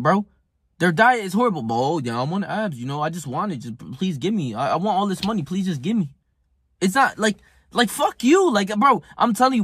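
Young man, 20s, vlog monologue; brash and profane, fairly high and husky, close and dry. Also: no echo. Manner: brash, profane, boastful ranting; swings into loud mocking put-on voices. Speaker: self-improvement vlogger. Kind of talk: casual monologue to camera.

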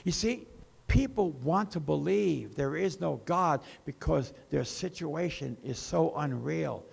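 A man preaching a sermon as pastor, with slow emphasis that rises and falls. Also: a little high, creaky, husky.

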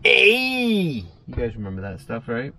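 A man's voice: medium pitch, measured pace, crowd noise. A man vlogging while cooking in a small motorhome kitchen, talking in a laid-back, folksy way to his viewers. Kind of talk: casual chat to camera. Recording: guitar music playing underneath. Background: guitar music.

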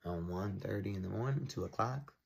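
A man telling a spooky story in an animated, profane way, acting out the noises. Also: fairly low pitch, fairly quick, gravelly. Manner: excited, profane, imitates noises, shouts for effect. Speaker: storyteller in a played clip. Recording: noisy clip audio with clicks.

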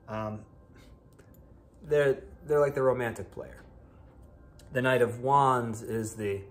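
Speaking slowly and pausing often, this Buffalo, New York man has a mid-range voice. He offers a relaxed, talkative tarot reading sprinkled with playful exclamations.

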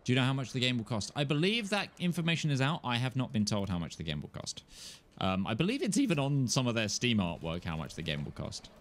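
A man's voice: mid-range voice, big pitch swings, fast talker. A man giving casual, jokey gameplay commentary as he plays, chatting to himself and his viewers. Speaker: gaming streamer.

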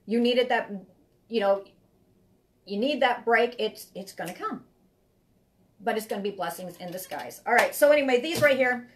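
A woman's voice: on the high side, moderate pace, long pauses, a little hiss or hum. A woman giving a live tarot reading, talking in a rambling, heartfelt way and often repeating herself. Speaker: tarot reader.

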